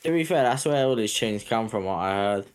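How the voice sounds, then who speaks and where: A young man, a guest on a casual podcast, making dry deadpan jokes. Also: fairly low pitch, a little fast, smooth. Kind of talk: casual chat.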